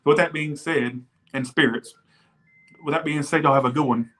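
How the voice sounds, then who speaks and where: A man hosting a livestream, telling a ghost story in a chatty, profane, animated way. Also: a little high, normal speed. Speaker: tarot channel host.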